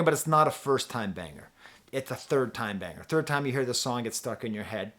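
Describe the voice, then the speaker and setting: A man's voice: mid-range voice, very animated, fast talker, fairly bright tone. A man talking casually as a music reviewer, rambling and chatty, with frequent restarts and easy laughter. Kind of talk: casual album review talk.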